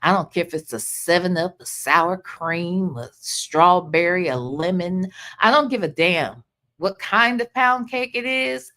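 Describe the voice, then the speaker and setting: Woman livestream host: slow, animated pitch, casual chat greeting viewers. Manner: greets viewers by name, chatty and drawling.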